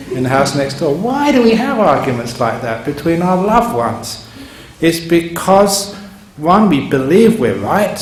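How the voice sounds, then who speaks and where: A man, a monk, giving a sermon in a chuckling, digressive storytelling manner, recorded in a meditation hall. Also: fairly high pitch. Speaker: monk giving a Dharma talk. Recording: roomy hall with faint hum.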